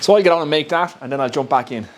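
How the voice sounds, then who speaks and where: A man's voice: a little high, expressive, racing, noisy background. Chatty Irish man in his workshop. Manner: chatty, explains step by step, laughs at himself. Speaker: woodworking YouTuber. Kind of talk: casual workshop tutorial. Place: home workshop.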